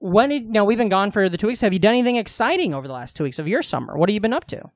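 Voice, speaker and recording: Rambling profane podcast host. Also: male voice, high voice, sing-song, racing, no room sound. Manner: rambling, profane, many fillers. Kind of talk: casual banter. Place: small comedy radio studio.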